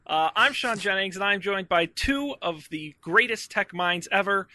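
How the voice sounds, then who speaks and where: A man's voice: high-pitched, lively intonation, normal speed, sharp tone. A man hosting a casual tech podcast, upbeat and jokey, with plenty of ums and uhs. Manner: upbeat, jokey, filler-heavy. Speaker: podcast host.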